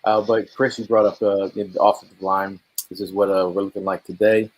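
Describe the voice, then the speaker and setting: Husky laid-back sports show host. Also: male voice, on the low side, flat delivery, brisk, low-quality recording. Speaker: podcast host. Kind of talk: casual sports chat.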